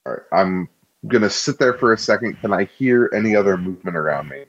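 A man's voice: lowish voice, animated, quick pace, lo-fi sound. A man playing a character in a tabletop role-playing game, laying out plans in casual talk. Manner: plotting, conversational, swears casually. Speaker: player.

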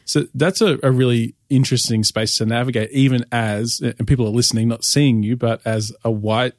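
A man's voice: medium pitch, steady tone, a little fast, no echo, clean studio sound. An Australian man, a pastor interviewing a guest, asking long, thoughtful questions in a rambling way.

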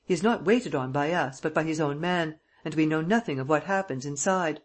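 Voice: medium pitch, brisk, close to an everyday voice. A reader voicing a polite hotel head waiter who answers a policeman's questions in a matter-of-fact, guarded way, in an audiobook.

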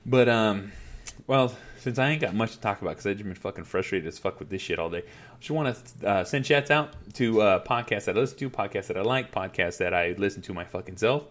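A man's voice: fairly low pitch, a little fast. A middle-aged man hosting his podcast from home on a headset mic, ranting in a frustrated, profane, rambling way. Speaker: podcast host. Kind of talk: casual ranting monologue. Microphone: headset mic at a laptop.

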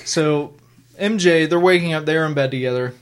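A man on a comics podcast chatting casually and acting out scenes in quick, funny voices. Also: on the high side, clean tone. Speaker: podcast co-host.

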